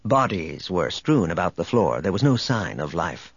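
A man narrating an audiobook in an expressive storytelling manner. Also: sits low, moderate pace, vocal fry, slightly rough, dry recording, muffled recording. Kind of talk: scripted narration.

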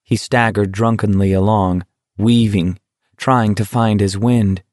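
A man reading an audiobook in steady, measured scripted narration. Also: fairly low pitch, dry recording, studio quality.

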